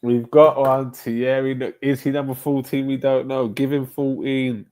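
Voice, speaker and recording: Animated young man bantering. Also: medium pitch, unhurried. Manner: animated, banters with chat, lots of slang and swearing. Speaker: football livestream host. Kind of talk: casual live-stream chat reading viewer comments.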